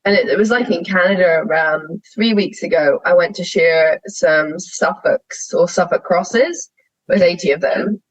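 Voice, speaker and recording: In a candid conversational interview on a podcast, a young sheep shearer tells stories frankly and with animation, often laughing, in a fairly low voice at a measured pace. The recording is rough, with no room sound.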